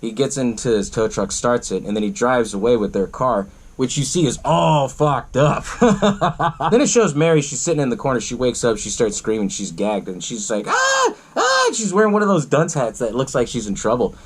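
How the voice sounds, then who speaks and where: A man hosting a podcast, casually retelling a movie in a rambling, profane way and laughing often. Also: mid-range voice. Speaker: podcast host.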